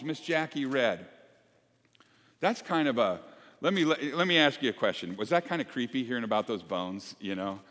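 A man preaching a sermon as pastor, conversational and animated, asking the congregation questions. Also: fairly low pitch. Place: church sanctuary. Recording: long church reverb.

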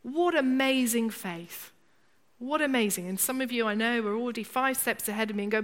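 A woman's voice: fairly high pitch, brisk. A middle-aged woman preaching a conversational sermon, acting out people's inner voices. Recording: long church reverb.

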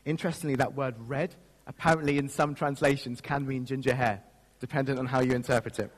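A man's voice: mid-range voice, fairly even intonation, fairly quick. A man pastor giving a sermon, telling a personal story in a self-mocking way and laughing at himself. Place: church. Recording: long reverb of a church hall.

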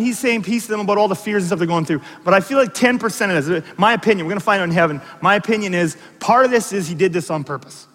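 With a long reverb tail trailing his high voice, a man preaches a sermon as pastor. He animates his stories with asides and asks the congregation questions along the way.

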